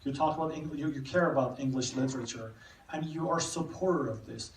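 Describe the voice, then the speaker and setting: A man giving a live literature lecture, talking haltingly with many repeated words and restarts. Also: medium pitch, slight background noise. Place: cinema hall. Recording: echoey room, mic far off.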